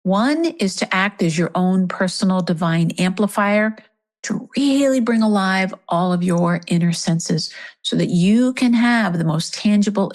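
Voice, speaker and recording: A middle-aged woman leading a guided meditation and prayer, speaking softly and reverently. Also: on the low side. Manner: soft, reverent, emotional at times.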